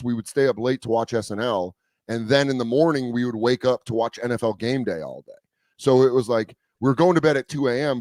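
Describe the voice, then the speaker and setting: A comedian guest on a talk show, with a mid-range voice, chats into a studio mic with a dry, close sound. Easygoing and energetic, he spins stories, swears freely and slips into quoted voices as he acts them out.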